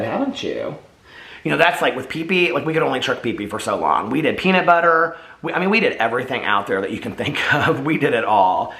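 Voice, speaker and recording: A man's voice: mid-range voice, sharp tone, reverberant. A man vlogging in casual chat to the camera, rambling and heartfelt.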